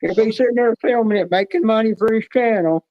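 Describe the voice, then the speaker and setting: A man's voice: high-pitched, quick pace, no room sound, lo-fi sound. A man joining a stream chat, teasing and joking in a casual way. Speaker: guest on a stream.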